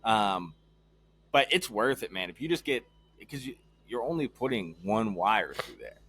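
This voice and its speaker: A man's voice: on the low side, big pitch swings, a little slow, a bit bright, breathy edge, dry recording. A man co-hosting a podcast in casual chat, laid back, with frequent ums and casual swearing.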